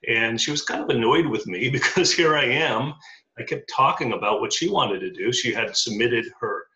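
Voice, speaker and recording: A middle-aged man with a medium-pitched, bright, forceful voice speaks at normal speed as an interview guest, casually telling his life story with many ums and uhs. The audio is dull and lo-fi in an echoey room.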